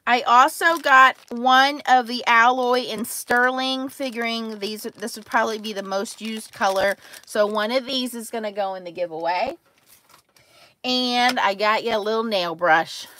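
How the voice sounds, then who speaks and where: A middle-aged woman hosting a crafting stream, telling a story in an animated way, laughing and acting out quotes. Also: fairly high pitch, a little slow, a little hiss or hum. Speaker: crafting livestream host. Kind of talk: casual storytelling chat.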